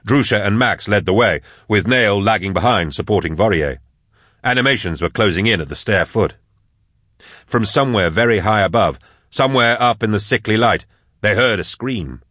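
A man narrating an audiobook in a measured, steady read, close on a studio mic. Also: fairly low pitch, no room sound. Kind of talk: scripted narration.

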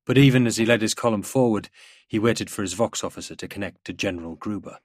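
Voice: man, low and husky. Style: audiobook narration. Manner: steady, measured. Mic: close, dry. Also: no echo. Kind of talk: audiobook narration of military fiction.

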